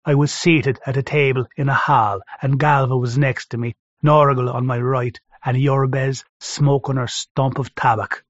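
A man reading a first-person story aloud in a steady, measured way. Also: medium pitch, dry recording. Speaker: narrator. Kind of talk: first-person audiobook narration. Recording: dry, slightly dull recording.

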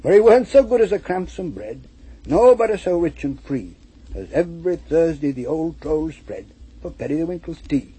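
A man's voice: fairly high pitch, big pitch swings, normal speed, warm tone, husky, rough recording. A man reading a rhymed storybook poem aloud in a rhythmic, lilting recital. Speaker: reader. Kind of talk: poetry reading.

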